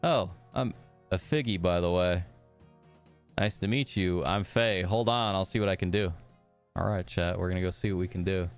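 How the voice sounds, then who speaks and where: A man's voice: low-pitched, moderate pace, clean tone, faint music behind. A young man streaming a game live, chatting upbeat with his viewers and reading the characters' dialogue aloud in his own voice.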